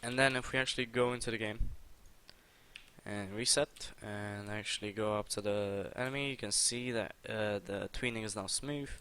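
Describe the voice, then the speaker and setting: A man's voice: fairly low pitch, fairly even intonation, moderate pace, bright, forceful tone, clean tone. A young man hosting a casual coding tutorial, talking his way through the steps with frequent uh and um fillers. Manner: casual, hesitant, with many uh and um fillers. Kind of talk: screen-recorded coding tutorial.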